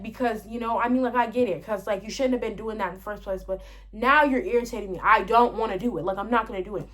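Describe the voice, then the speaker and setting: In a casual vlog, a woman with a mid-range, steady, slightly bright voice tells a story at a brisk pace. She rambles with lots of fillers and sounds exasperated, venting as she retells what happened.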